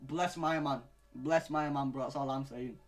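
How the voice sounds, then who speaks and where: Faint music plays behind a late-teen vlogger as he tells a profane, rambling story. His medium-pitched voice moves at a moderate pace with fairly even intonation, though he still swings from mutters to loud bursts and says "bro" constantly.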